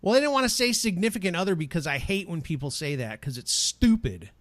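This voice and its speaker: A man's voice: high voice, very animated, fairly bright tone, no room sound. Dry-voiced joking podcast man. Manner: joking, opinionated, quick asides. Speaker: podcast co-host. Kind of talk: casual chat.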